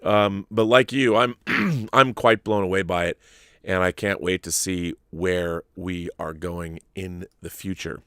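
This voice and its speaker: A middle-aged man hosting a live stream, reading viewer messages and answering them in a halting, rambling way. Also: deep voice, fairly even intonation, bright, forceful tone, clear, resonant tone, no echo, clean studio sound. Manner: rambling, halting, restarts often. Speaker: host.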